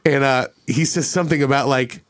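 A man's voice: mid-range voice, steady tone, fairly quick. A man co-hosting a podcast, chatting casually, laughing often and swearing as he retells movie scenes. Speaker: podcast co-host. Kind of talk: casual chat.

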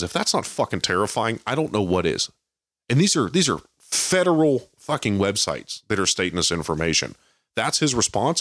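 Podcast co-host, male, very deep voice, angry profane ranter, dry close sound. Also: a bit bright, dry recording. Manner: heated, swears constantly, mocking impressions. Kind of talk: profane political rant.

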